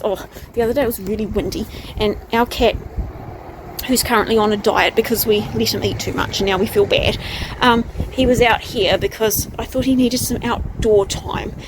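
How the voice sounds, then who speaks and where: A woman's voice: fairly high pitch, background noise. Bubbly New Zealand woman, garden vlog. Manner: bubbly, enthusiastic, chatty with soft asides. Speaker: vlogger. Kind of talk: casual chatty vlog, walking garden tour. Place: outdoors in a garden.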